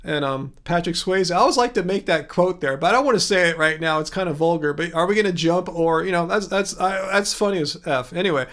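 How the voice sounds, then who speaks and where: A man with a fairly high voice hosts a relaxed livestream, chatting through viewer comments. He rambles, circles back on himself and restarts often, with small chuckles along the way. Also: quick pace, hardly any pauses. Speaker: livestream host. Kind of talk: casual livestream chat answering viewer comments.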